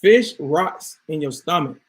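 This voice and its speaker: A man's voice: a little high, expressive, measured pace. A man ranting casually to his viewers, emphatic and swearing freely. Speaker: vlogger. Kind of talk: casual rant to camera.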